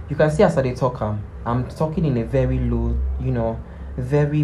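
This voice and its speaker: A man, hosting a podcast in a soft, low-key, reflective monologue. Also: moderate pace, noisy background. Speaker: podcast host. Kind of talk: casual solo monologue.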